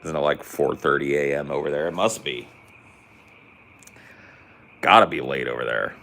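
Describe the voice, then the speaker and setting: A man's voice: very deep voice, normal speed, vocal fry, a bit bright. A man co-hosting a podcast, joking and riffing in casual chat. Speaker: podcast co-host.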